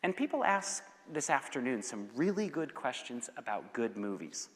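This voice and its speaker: A man giving a passionate youth sermon and answering students' questions, swinging between loud urgency and hushed intensity. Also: mid-range voice, very animated, moderate pace, in a large hall. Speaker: guest speaker. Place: school assembly hall.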